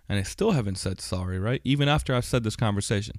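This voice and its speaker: A man's voice: fairly low pitch, quick pace, no echo, clean studio sound. A man hosting a personal podcast monologue, talking bluntly with heavy swearing, many fillers and a recurring "right?". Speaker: podcast host. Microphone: studio microphone.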